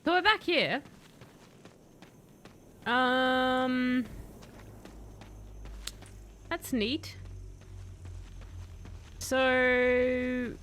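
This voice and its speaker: Bright-voiced playful female game streamer. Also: sits high, drawn-out words, long pauses. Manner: playful, chatty, bursts into excited shouting. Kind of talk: live game commentary. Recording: faint background noise.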